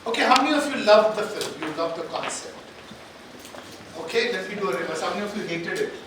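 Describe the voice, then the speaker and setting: A man giving a live stage talk and drawing out the audience, energetic and coaxing, repeating phrases for emphasis. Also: sits high, fast. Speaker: motivational speaker addressing an audience. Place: large conference hall. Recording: echoey hall, distant, background noise.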